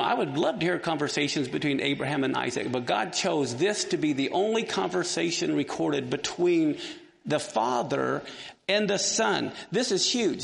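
A man's voice: fairly high pitch, vocal fry. A man teaching a Bible lesson to a class, asking his listeners questions as he walks them through a passage. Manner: engaged, asks the class questions. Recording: long hall reverb.

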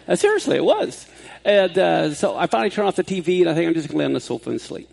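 A man's voice: a little high, fast talker, vocal fry. A man giving a sermon as a pastor, talking in a conversational way and telling a personal story. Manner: conversational, rising to excited laughter when storytelling.

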